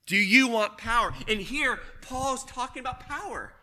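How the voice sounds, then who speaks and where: Older man, preacher, very high voice, sharp bright tone, emphatic, loud then hushed. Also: moderate pace. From Washington State. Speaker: pastor. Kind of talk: sermon.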